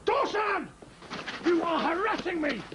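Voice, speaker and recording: A man's voice: very high voice, expressive, unhurried, heavy background noise. A ruthless, blustering businessman. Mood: furious. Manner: blustering, furious accusations. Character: ruthless scheming middle-aged businessman. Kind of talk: TV drama dialogue.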